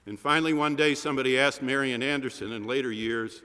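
A man delivering an Easter-style sermon from the pulpit, building rhythmic repetitions and then dropping his voice low. His tone is bright and forceful. The sound carries a long reverb from a large church. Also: fast talker, hardly any pauses, clean tone. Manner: rhythmic, repetitive cadence with dramatic drops. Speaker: pastor.

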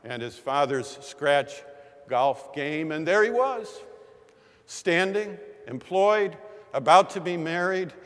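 A man in his sixties preaching a sermon in a chapel, telling a story in a measured, unhurried way. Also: a little high, animated, a bit bright. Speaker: pastor. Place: large chapel. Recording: long reverb of a chapel.

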